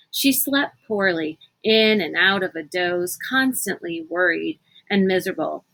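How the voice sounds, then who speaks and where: Woman reading a chapter book out loud, takes her time, bright tone. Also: mid-range voice, low-quality recording. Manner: unhurried, expressive storytelling. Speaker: reader. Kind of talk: reading a novel aloud.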